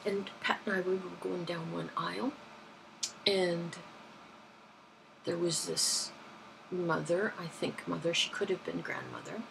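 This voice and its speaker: Gravelly-voiced woman telling stories. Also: on the low side, measured pace, long pauses, background noise. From London, England. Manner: rambling, self-correcting, chatty. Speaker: vlogger. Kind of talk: casual anecdotal storytelling.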